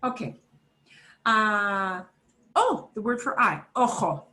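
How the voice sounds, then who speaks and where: A woman's voice: medium pitch, animated, takes it slowly, sharp tone, reverberant. A woman teaching an online Spanish class for beginners, patiently modelling words for students to repeat.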